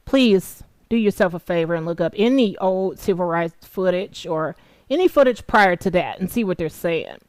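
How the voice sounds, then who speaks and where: A woman delivering an angry, profane vlog monologue, swinging from low mutters to shouted taunts. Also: animated, normal speed, no echo. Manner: sarcastic taunting, emphatic repetition. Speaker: political commentary vlogger.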